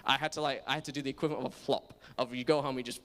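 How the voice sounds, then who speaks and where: A young preacher talks very fast in a mid-range, fairly bright voice with fairly even intonation, delivering a casual, self-deprecating sermon full of personal stories. He's chatty and restarts often, and the church auditorium makes the recording reverberant.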